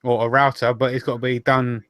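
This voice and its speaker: A man's voice: medium pitch, a little fast, no room sound, studio quality. A man co-hosting a casual podcast chat, full of banter. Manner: lively, bantering. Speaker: co-host.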